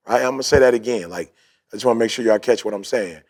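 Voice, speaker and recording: A man's voice: mid-range voice, fast, darkish tone. A man hosting a podcast, telling a story in a casual motivational way, acting out quotes and repeating his points. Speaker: podcast host.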